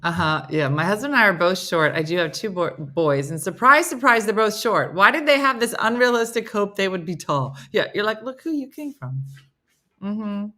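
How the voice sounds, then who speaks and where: A woman hosting a casual live chat from her home, answering viewer comments in an animated, chatty way. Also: medium pitch, moderate pace, few pauses. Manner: animated and chatty, jumping between stories and asides. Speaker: host of a live chat show. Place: at home, indoors, with her dogs.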